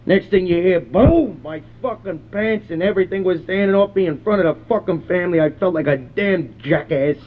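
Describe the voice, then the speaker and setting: A prank caller on a phone line plays a foul-mouthed, short-tempered middle-aged countryman who rants, rambles and swears constantly. The man's own high voice sounds natural, moving at a moderate pace with hardly any pauses, over a little hiss or hum.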